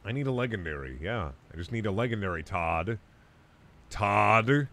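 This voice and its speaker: A young man with a lowish voice that swings all over the place, bantering crudely with his chat as he plays. His remarks shift between offhand mutters and loud, mocking bursts. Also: lively intonation, moderate pace. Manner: muttered asides while playing. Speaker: game streamer. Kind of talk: casual gaming stream commentary.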